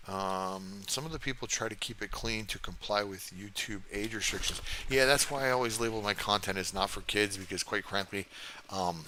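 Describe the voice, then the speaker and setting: A man's voice: on the low side, normal speed, bright, forceful tone, slight background noise. An older man hosting a gaming livestream from his desk, chatting casually and cursing freely as he rambles and answers chat while he plays. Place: home desk.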